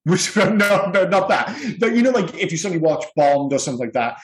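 A man's voice: high-pitched, big pitch swings, brisk, low-quality recording. A man co-hosting a podcast, talking in an enthusiastic, rambling way and laughing often. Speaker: podcast co-host. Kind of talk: casual chat.

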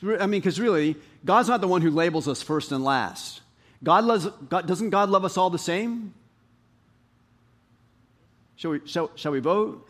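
A man preaching a sermon as pastor, animated, rising to emphatic highs and dropping low. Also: moderate pace.

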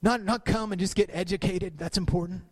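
A middle-aged man preaching a sermon as pastor, repeating phrases for emphasis and rising in pitch at his peaks. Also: steady tone, fairly quick.

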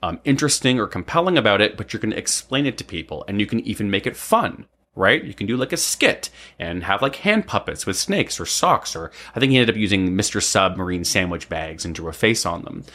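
A man around forty rambles through a personal story, often saying "um" and tagging thoughts with "right?". His voice is on the low side and sharp, with lively intonation, a brisk pace, and few pauses.

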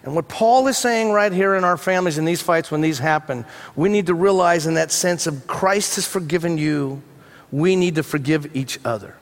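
High-voiced man preaching a sermon. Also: moderate pace. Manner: conversational storytelling with humorous asides. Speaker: pastor. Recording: long hall reverb.

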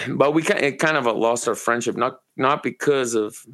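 A man from Maine co-hosting a podcast, telling long rambling, profane stories in a relaxed, casual way. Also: mid-range voice, moderate pace. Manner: profane, rambling, laid-back storyteller. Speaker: podcast co-host. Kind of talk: casual storytelling chat.

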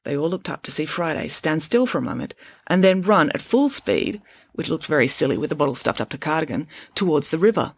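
A woman narrating a children's adventure book in an expressive storytelling manner. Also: deep voice, a little fast, no echo. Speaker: audiobook narrator.

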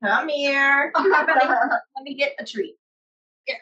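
Woman co-host, high sharp voice, chatty and inquisitive. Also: very slow, highs cut off. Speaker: podcast co-host. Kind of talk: casual chat.

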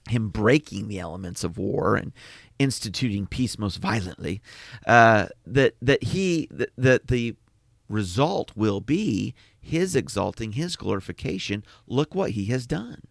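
A man with a low, gravelly voice talks reflectively in a Bible discussion. He affirms his co-host and paints the scene in vivid terms. The sound is dry and close. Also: expressive, a little slow, no echo. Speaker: Bible study podcast co-host.

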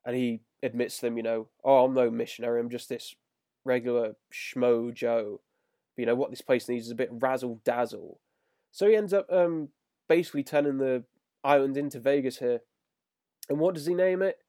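Grumbling man, mellow voice. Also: mid-range voice, moderate pace, no echo, clean studio sound. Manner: grumbling, exasperated critique. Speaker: podcast co-host. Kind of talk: casual episode review chat.

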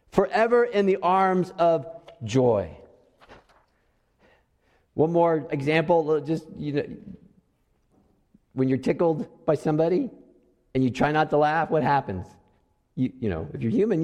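A middle-aged pastor preaches to his congregation in a lively, storytelling manner, dropping to a hush and then rising again. His voice sits a little high for a man, and a long reverb trails each phrase through the sanctuary. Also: measured pace, long pauses. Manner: animated storytelling, swings between loud and soft. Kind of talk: sermon. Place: church sanctuary.

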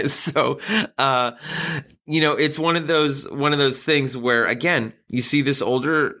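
Bright-voiced man preaching conversationally. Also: mid-range voice, a little slow. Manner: conversational, self-deprecating humor with frequent restarts. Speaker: pastor. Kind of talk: sermon.

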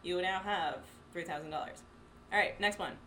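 A woman's voice: lowish voice, pushed and bright, slight background noise. Teasing woman reading quiz questions. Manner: teasing, reads options slowly. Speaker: quizmaster. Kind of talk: playful quiz game with a friend.

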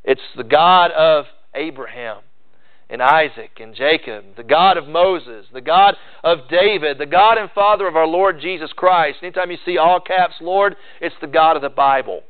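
A man preaching a sermon in an earnest, measured way, slowing down for emphasis. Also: on the high side. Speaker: pastor. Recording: tinny phone-like sound.

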